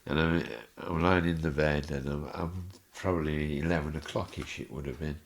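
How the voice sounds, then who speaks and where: This podcast guest has a very deep voice and talks at normal speed. In the interview he shares amusing anecdotes, animated throughout and frequently breaking into chuckles.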